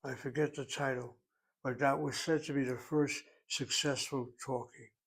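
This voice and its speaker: A man teaching a Hebrew class, explaining grammar in a deliberate, step-by-step way and sometimes thinking aloud. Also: mid-range voice, steady tone, fairly bright tone, husky.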